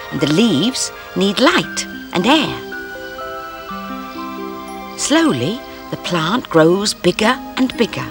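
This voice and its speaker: Woman storyteller for children: gentle, expressive, slightly gravelly delivery. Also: lowish voice. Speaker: storyteller presenter.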